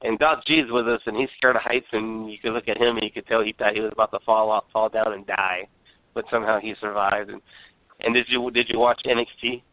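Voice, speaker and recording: A man's voice: fairly low pitch, steady tone, brisk, no room sound. A man hosting a podcast, chatting casually while ranting, rambling and swearing constantly. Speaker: podcast host. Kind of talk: profane casual chat. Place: San Antonio. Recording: phone-line call-in sound.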